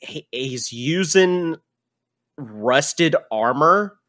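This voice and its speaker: A man's voice: a little high, extremely slow. Casual man running a tabletop game. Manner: casual, relaxed explaining with fillers. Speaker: game master.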